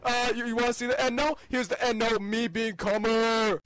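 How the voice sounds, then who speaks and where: A young man putting on a loud, high boasting hype-man voice. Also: flat delivery, moderate pace. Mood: hyped. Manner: shouty, boastful, sing-song slang hype. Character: loud hyped male gameplay hype-man. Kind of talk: comedic gameplay commentary impression.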